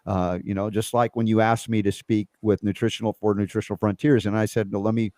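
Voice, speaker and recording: A man hosting a casual spiritual conversation, earnest and reflective, sometimes jumping up in pitch as he gets animated. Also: a little fast, no room sound. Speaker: host.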